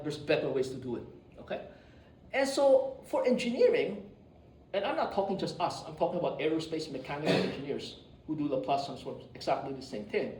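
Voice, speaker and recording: A man lectures in a classroom with a high, lively voice that swings up and down as he jokes and quizzes his students. The sound is roomy and picked up from a distance, with a faint hum of the room behind him. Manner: animated, joking, often asks "right?". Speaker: engineering professor. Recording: echoey classroom, distant mic.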